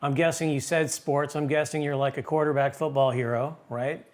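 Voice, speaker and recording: A man hosting a casual interview podcast, animated and jokey, often cutting in. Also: on the high side, moderate pace. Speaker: podcast host.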